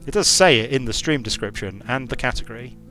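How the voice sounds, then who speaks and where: A man's voice: mid-range voice, fast talker, pushed and bright, soft background music. A young man casually commenting on a strategy game he is streaming from home, thinking aloud and often breaking off mid-sentence. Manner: rambling, self-interrupting, thinking aloud. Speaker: game designer streaming gameplay. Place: hot room at home.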